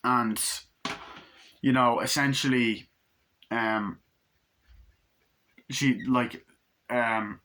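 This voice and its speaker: Male movie reviewer, rambling and excited, acts out scenes, crisp bright voice. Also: medium pitch, very slow, pauses often, slight background noise.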